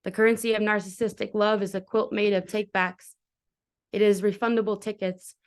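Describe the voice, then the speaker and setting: A woman's voice: mid-range voice, little pitch movement, fairly quick. A young woman performing a spoken word poem at an open mic, addressing God over and over with raw intensity. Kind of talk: spoken word poetry reading.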